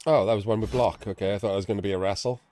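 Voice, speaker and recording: A man casting a live tabletop-style video game match, chatty and excitable, laughing and swearing casually as he explains the plays. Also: lowish voice, racing, slight background noise. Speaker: esports commentator.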